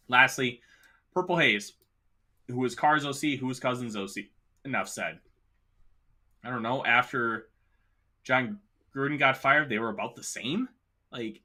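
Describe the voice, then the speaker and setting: A man's voice: mid-range voice, pushed and bright. A man hosting a casual sports talk show, giving emphatic, opinionated takes with the hiccups. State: has the hiccups. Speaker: podcast host.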